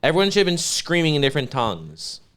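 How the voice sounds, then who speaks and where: A man's voice: a little high, wildly swooping pitch, fast, fairly bright tone. A man co-hosting a podcast, bantering casually, teasing and arguing, swearing freely. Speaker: podcast co-host.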